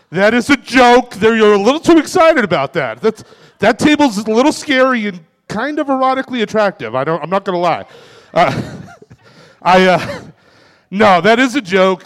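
Stand-up comic, man in his forties, raised pitch, deadpan self-mocking jokes, reverberant club room. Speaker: stand-up comedian. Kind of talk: stand-up comedy set. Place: comedy club stage.

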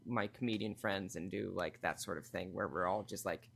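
A man appearing as a comedian guest on a podcast, talking fast and animatedly, jumping between tangents with lots of "like" and self-deprecating asides. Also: low-pitched, creaky, fairly bright tone. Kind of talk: casual chat. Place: New York.

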